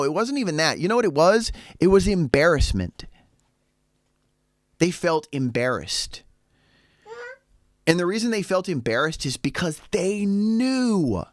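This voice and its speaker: Animated rambling man vlogger. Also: on the high side, no echo, clean studio sound. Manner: lively, rambling, with sarcastic asides. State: a little tipsy. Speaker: vlogger living in Shanghai. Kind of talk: casual storytelling monologue.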